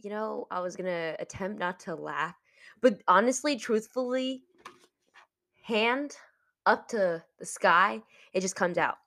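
A woman's voice: mid-range voice, animated, measured pace, a bit bright, no echo, clean studio sound. A 21-year-old woman hosting a solo podcast, chatty and reflective and laughing often as she talks. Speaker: podcast host. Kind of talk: casual solo podcast talk.

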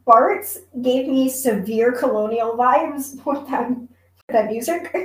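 A woman's voice: a little high, slow. A young woman co-hosting a podcast, chatting casually about a TV episode with a giggly manner and lots of fillers. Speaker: podcast co-host. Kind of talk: casual chat recapping a TV episode. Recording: roomy echo.

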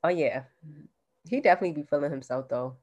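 Laid-back low-voiced woman co-host. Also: fast talker, a little mellow, dull audio, slight background noise. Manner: laid-back, slangy, laughs often. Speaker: podcast co-host. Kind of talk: casual chat.

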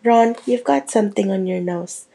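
A fussing, protective mother calling to her children, as a woman reads her lines aloud. The tone is dark and mellow, with a husky grain. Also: medium pitch, normal speed. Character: fussing mother of a large family. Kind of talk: reading a book aloud.

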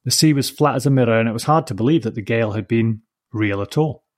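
Man reading a storybook, measured. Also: medium pitch. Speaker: narrator. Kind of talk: storybook narration.

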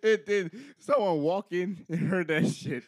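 A male podcast co-host spins a comic story in loose, rambling chat, repeating himself and laughing as he goes. His voice sits high for a man. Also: measured pace, darkish tone. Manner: rambling, repetitive, laughing often. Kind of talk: casual comedic storytelling.

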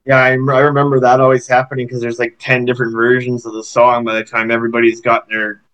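A man's voice: medium pitch, monotone, fast, fairly bright tone, clear, resonant tone. A man with a Canadian accent hosting a podcast, easygoing and asking short questions. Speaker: podcast host. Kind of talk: casual interview chat. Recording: dull lo-fi sound.

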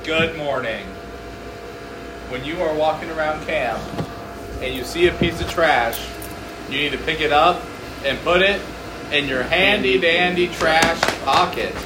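A man's voice: a little high, measured pace, pauses often, close to an everyday voice. A man putting on an accent to give a firm camp reminder about picking up trash. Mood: instructing. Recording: echoey room with hum.

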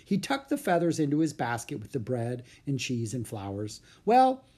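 Expressive, husky narrator reading a children's storybook. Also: medium pitch, moderate pace.

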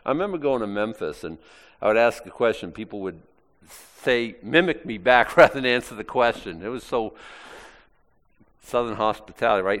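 Animated preacher. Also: male voice, lowish voice, brisk. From Maine, US. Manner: animated, acts out quoted lines in shifting voices. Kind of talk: sermon. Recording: long hall reverb.

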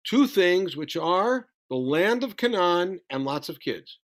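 A man teaching a Bible study lesson, animated as he retells the story, reading Hebrew verses and translating them. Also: sits high, slow. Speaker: Torah teacher.

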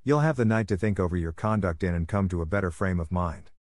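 A man's voice: deep voice, fast talker, darkish tone, no room sound, natural voice. A man reading as a stern, dry-witted woman guardian. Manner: severe and dry. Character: stern, strict middle-aged woman guardian.

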